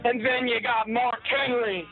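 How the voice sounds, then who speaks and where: A man's voice: very high-pitched, flat delivery, unhurried, soft background music. A man doing an impression of a brash male wrestling star, boastful and trash-talking. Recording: tinny phone line.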